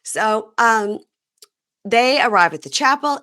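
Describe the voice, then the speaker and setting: A woman's voice: mid-range voice, lively intonation, unhurried, bright, forceful tone. A woman hosting a podcast in casual chat, recapping a show with dry, wry asides. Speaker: podcast host.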